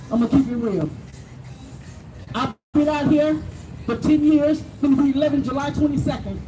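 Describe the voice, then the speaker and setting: This high, warm-toned woman's voice belongs to a bereaved middle-aged mother shouting her raw anger to a protest crowd by city hall. The outdoor audio sounds far off, echoey and full of noise.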